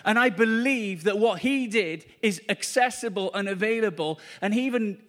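A man's voice: high voice, moderate pace, a bit bright. A man preaching a charismatic sermon at a church meeting, fervent and repetitive, exclaiming to the congregation.

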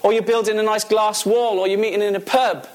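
A man delivering a sermon in a notably high voice. He preaches emphatically, firing questions at his listeners and repeating key phrases to drive them home. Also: fairly even intonation, brisk.

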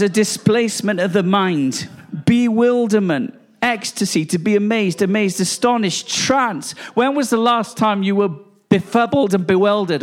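A man preaching a charismatic sermon, exuberant and emphatic, often laughing as he talks. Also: high-pitched.

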